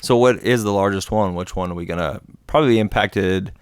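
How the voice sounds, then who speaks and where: A man's voice: on the low side, brisk, smooth, no room sound. A man who instructs in outdoor skills, chatting on a podcast in brief replies with a dry, sarcastic touch. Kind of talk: casual podcast chat.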